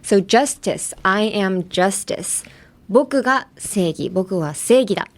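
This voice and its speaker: A woman talking casually in a bilingual English lesson on a podcast, chatty and quick to laugh, slipping between English and Japanese. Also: mid-range voice, expressive.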